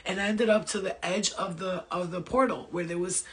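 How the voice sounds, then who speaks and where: A woman's voice: lowish voice, steady tone, brisk. Blunt, profane spiritual woman. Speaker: spiritual healer answering viewer questions. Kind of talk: casual spiritual talk.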